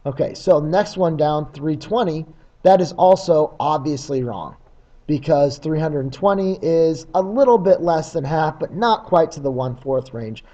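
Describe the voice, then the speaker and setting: A man walks students through test strategies in a slightly high, mellow voice, full of uhs and ums. The recording sounds dull and lo-fi. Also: expressive, unhurried. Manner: plain, practical, with many filler uhs and ums. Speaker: test prep teacher. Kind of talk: recorded test-prep lesson.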